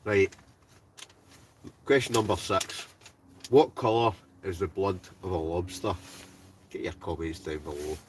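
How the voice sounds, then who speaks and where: A man's voice: deep voice, unhurried, long pauses, far from the mic, slight background noise. A Scottish man with an Ayrshire accent, chatty and joking as he hosts a live-stream quiz from inside a tent, talking straight to his viewers. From Scotland. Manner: jokey, chatty, laughs often, talks straight to viewers.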